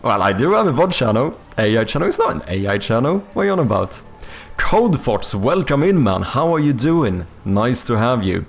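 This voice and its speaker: Swedish man with a gravelly British-leaning accent. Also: medium pitch, sing-song, normal speed. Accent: Swedish speaker leaning toward a British accent. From Sweden. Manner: rambling, chatty, many fillers and restarts. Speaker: streamer. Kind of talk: casual livestream chat, reading and answering chat.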